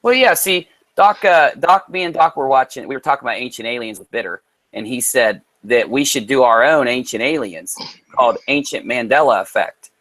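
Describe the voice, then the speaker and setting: A man's voice: medium pitch, fairly quick. A man co-hosting a live stream, chatting casually in a playful, joking way. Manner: joking, playful, animated storytelling. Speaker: co-host.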